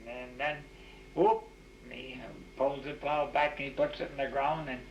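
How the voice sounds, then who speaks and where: Older man, gravelly, folksy rambling interviewee; echoey, muffled old tape. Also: mid-range voice, steady tone, unhurried, a little hiss or hum. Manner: folksy, full of restarts and "you know". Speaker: oral history interviewee. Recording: echoey, dull 1989 tape recording.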